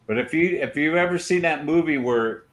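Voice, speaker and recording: A man's voice: fairly high pitch, moderate pace, a bit bright. Opinionated man rambling with gum in mouth. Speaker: podcast host. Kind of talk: casual banter.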